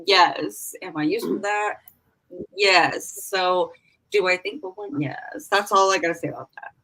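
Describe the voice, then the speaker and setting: A woman's voice: lowish voice, pushed and bright, rough recording. A woman co-hosting a sports podcast, playful and teasing, chatting casually. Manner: playful, teasing, quick to laugh. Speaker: podcast co-host.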